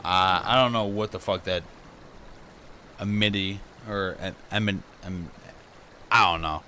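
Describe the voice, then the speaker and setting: Excitable, cursing man streaming a game. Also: lowish voice, takes it slowly, long pauses, a little hiss or hum. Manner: excitable, profane, reads game dialogue aloud. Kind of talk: live gameplay commentary.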